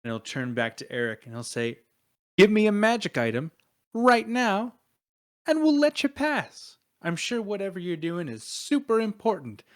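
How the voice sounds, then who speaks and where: Man playing a loud, vengeful brute demanding loot. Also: medium pitch, completely flat delivery, brisk, hardly any pauses, clean tone, lightly acted. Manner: bullying, mock-friendly, emphatic.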